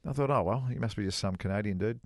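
A middle-aged man spins a lively yarn on a casual radio chat show, jumping into other people's voices as he quotes them. His voice sits at an ordinary pitch and sounds dry and close, with no room around it. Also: rapid-fire, no echo. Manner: animated anecdote-teller, voices other people. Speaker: co-host, former touring golf pro.

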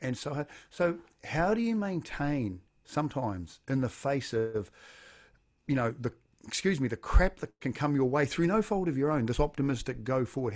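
A man's voice: mid-range voice, darkish tone. A man with a New Zealand accent hosting a business podcast, asking long, informal, rambling questions. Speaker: podcast host. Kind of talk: conversational interview.

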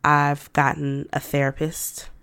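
A woman's voice: low-pitched, completely flat delivery, slow, a bit bright, clear, resonant tone, no echo. A woman hosting her own podcast, talking candidly and conversationally about herself, with self-talk asides and light laughs. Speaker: podcast host. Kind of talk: personal reflective monologue.

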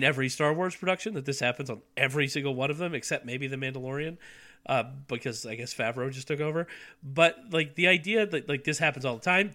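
A man with a bright, lively voice pitched a little high, co-hosting a podcast. He talks casually and riffs with jokey, sarcastic asides. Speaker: podcast co-host. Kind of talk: casual chat.

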